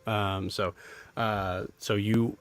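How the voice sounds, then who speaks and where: Low-voiced male game master, halting. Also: little pitch movement. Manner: halting, with many fillers. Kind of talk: narrating a tabletop game.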